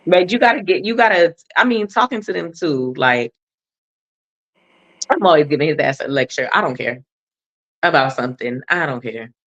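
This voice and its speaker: A woman's voice: low-pitched, animated, moderate pace, pauses often, fairly bright tone, dull audio. A woman co-hosting a casual talk show, telling a blunt, profane story about her son with lots of swearing. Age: adult mother of a son. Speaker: podcast co-host.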